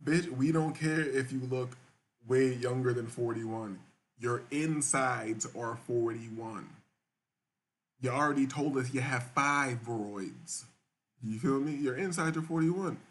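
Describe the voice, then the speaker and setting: A man streaming a reaction to a dating clip, mocking it loudly in crude, profane commentary. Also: mid-range voice, slow pace. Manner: loud, mocking, profane, mimics voices.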